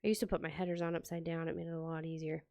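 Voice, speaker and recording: A woman's voice: deep voice, little pitch movement, very fast, mellow, dry recording. A woman chatting casually as she decorates a planner, telling a story and acting out the quotes. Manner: chatty, many "like" fillers, acts out quotes. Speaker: planner vlogger. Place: home, indoors.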